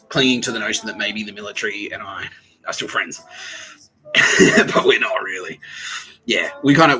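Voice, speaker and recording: A man's voice: lowish voice, sharp tone, rough recording. A man hosting a podcast, telling a rambling comic story, often laughing and acting out the voices of people in it. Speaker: podcast host. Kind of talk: rambling comedic monologue.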